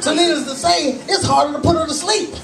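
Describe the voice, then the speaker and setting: A male stand-up comedian telling profane, animated stories at a small cafe comedy night. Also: extremely high pitch, fairly quick, gravelly, a loud crowd. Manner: profane, animated storytelling with acted-out voices. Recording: echoey room, distant mic, faint noise.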